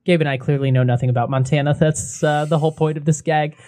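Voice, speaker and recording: Young male co-host, chatty, giggly, a touch high, dry sound. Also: fairly even intonation, fast talker, darkish tone, no echo. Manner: chatty, laughs often, self-correcting. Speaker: podcast co-host. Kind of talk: casual beer review chat.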